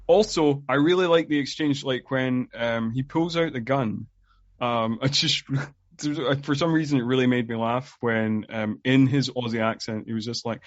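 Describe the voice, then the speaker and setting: A man's voice: medium pitch, measured pace. A man in his forties hosting a podcast, rambling and laughing often as he chats. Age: 40s. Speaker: podcast host. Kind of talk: casual podcast chat. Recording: dull lo-fi remote audio.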